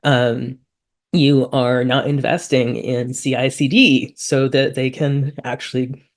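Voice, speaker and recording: A woman speaking on a webinar panel, impassioned and quick to get worked up, with frequent "um" fillers. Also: extremely low pitch, flat delivery.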